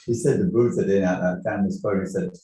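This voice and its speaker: Low-ish male participant chiming in with emphatic retellings, roomy echo. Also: quick pace. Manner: animated, retells a quote with emphasis. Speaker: class participant. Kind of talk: casual class discussion. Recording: echoey and distant from the mic.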